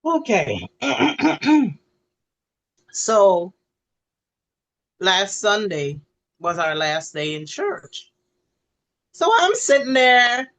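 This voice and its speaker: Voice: medium pitch, fairly bright tone. A speaker beginning to tell a story from a church trip, in casual talk. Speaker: trip participant sharing a story.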